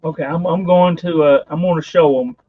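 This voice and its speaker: A man's voice: a little high, fairly even intonation, a little fast, dry recording, narrow, tinny audio. A man hosting a livestream in casual chat, talking in a hesitant, rambling way full of fillers. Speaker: livestream host.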